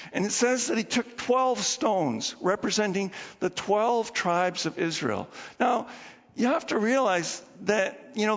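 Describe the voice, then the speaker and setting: High-voiced pastor preaching in a reverberant hall. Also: male voice, vocal fry. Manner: animated storytelling, acting out the people in the story. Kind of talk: sermon. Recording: dull lo-fi recording with long hall reverb.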